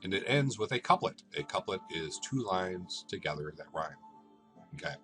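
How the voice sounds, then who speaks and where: A man with a very low voice explains a lesson step by step, pausing between short phrases. He keeps checking that his listeners are following along. Soft music plays faintly underneath him. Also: animated. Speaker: teacher.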